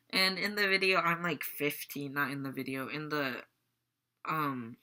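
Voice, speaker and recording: A woman's voice: low voice, a little slow, sharp tone. A teenage girl vlogging casually, rambling and giggling as she retells a dream. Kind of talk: casual storytelling vlog.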